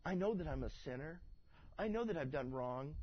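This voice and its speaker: A man voicing a frightened, guilty sinner who dreads standing before God, confessing his wrongs in a hushed, anxious way. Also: fairly high pitch, lively intonation, a little fast, husky, highs cut off. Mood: fearful.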